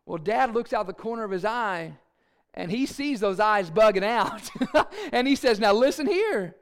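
A man preaching a sermon in an animated, playful storytelling way with asides. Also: high-pitched, moderate pace, clean tone. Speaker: pastor.

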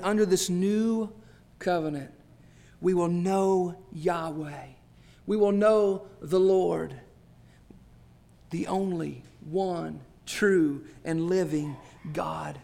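A man preaching a sermon, swelling to emphatic peaks and dropping to hushed, drawn-out phrases. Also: sits high, creaky. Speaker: pastor.

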